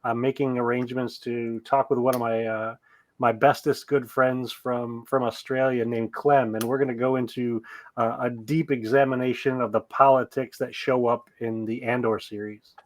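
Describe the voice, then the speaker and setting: A man's voice: mid-range voice, level tone, normal speed. A man co-hosting a podcast in casual chat, talking in an easygoing, rambling way with light jokes. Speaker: podcast co-host.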